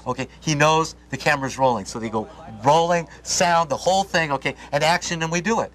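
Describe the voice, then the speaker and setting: A man's voice: medium pitch, quick pace, hardly any pauses, a little hiss or hum. A man, an actor, telling an anecdote in an interview and acting out the dialogue he quotes. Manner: lively, acts out quoted dialogue. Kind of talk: anecdotal storytelling.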